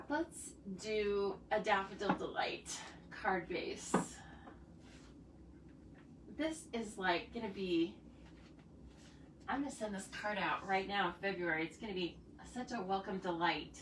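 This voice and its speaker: A woman hosting a live card-making demo, chatting casually and excitedly with viewers as she works. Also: medium pitch, slow pace, pauses often. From United States. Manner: chatty and bubbly, reacts to comments, frequent laughs. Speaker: stamping demonstrator hosting a live stream. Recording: somewhat distant mic with faint noise.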